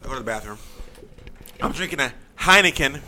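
A man's voice: medium pitch, lively intonation, fairly quick, a crowd in the background. A man guest on a casual podcast, telling a profane story and teasing the host. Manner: profane, teasing, quoting himself.

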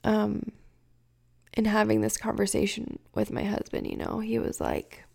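A woman in her thirties hosts a podcast, speaking candidly and emotionally in a casual personal monologue, often searching for words. Her mid-range voice carries a gravelly fry and a warm tone, delivered in a monotone at a measured pace.

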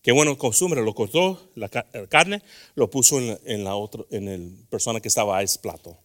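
A middle-aged man preaching a sermon in church, animated and switching between English and Spanish, acting out dialogue as he goes. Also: on the low side, fast. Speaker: pastor. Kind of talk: bilingual sermon. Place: church sanctuary.

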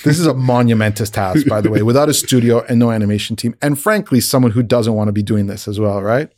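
Guy telling a story, really animated, keeps repeating himself and acting out the other people, mid-pitched, dry close sound. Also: fast talker, no room sound. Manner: animated, re-enacts dialogue, frequent repeats and restarts. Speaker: visual effects artist telling a career story. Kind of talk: casual anecdote.

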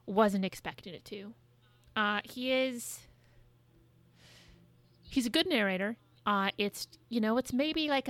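Woman podcast co-host, mid-pitched, casual and profane, close dry mic. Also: no room sound. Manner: chatty, frequent swearing and hedging fillers.

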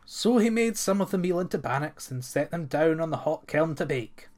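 A man reading an old folktale aloud as narrator, steady and expressive. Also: on the high side, normal speed.

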